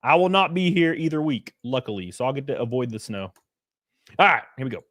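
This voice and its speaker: A middle-aged man, hosting a casual livestream, joking loudly and reading out chat messages. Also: mid-range voice, fairly quick, no echo, studio quality. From Alabama. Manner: loud, joking, reads chat. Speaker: streamer host. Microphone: headset.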